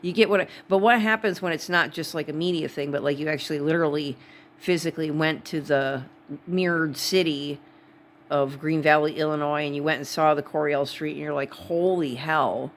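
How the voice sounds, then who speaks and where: A woman's voice: sits low, fairly even intonation, brisk, a little hiss or hum. A woman from Wisconsin with a Wisconsin accent, talking to camera in a rambling, digressive vlog. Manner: rambling, digressive, full of asides. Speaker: vlogger. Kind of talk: casual rambling monologue.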